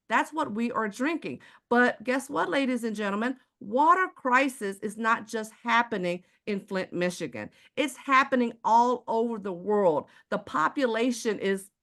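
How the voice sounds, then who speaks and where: A woman's voice: a little high, a bit bright. A woman from Houston with a Texan accent, giving a sales presentation to a live chat audience and asking the audience rhetorical questions in a preachy way. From Houston, Texas. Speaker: water filter seller.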